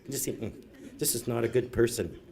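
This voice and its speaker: A man's voice: medium pitch, fairly quick, creaky, darkish tone. A middle-aged man doing stand-up storytelling, rambling and self-mocking, tagging "eh" onto his lines. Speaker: comedian. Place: live event room.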